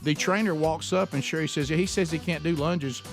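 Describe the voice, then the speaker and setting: A man hosting a radio talk show, telling a lively story and acting out the other people in it. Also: fairly high pitch, fairly quick, gravelly, faint music behind. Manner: animated storyteller, mimics voices in quotes. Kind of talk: casual chat, storytelling.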